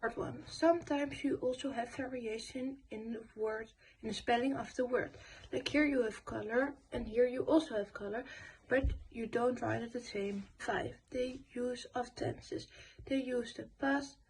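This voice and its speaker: A young woman giving a school presentation voice-over, reading her notes with pauses and fillers. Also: on the high side, a little mellow, a little hiss or hum, rough recording. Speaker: student presenter.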